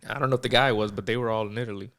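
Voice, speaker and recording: A man's voice: on the low side, steady tone, racing, a bit bright, dry recording, studio quality. A young man co-hosting a podcast, casually retelling a movie plot and quoting the characters with "he's like" and "she's like". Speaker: podcast co-host. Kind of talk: casual storytelling chat.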